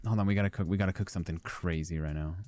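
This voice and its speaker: A man's voice: low voice, fairly even intonation, racing, darkish tone, dry recording. A young man casually commenting on his gameplay as he chats with viewers, joking and swearing freely. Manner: joking, profane, chatting with viewers. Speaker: streamer.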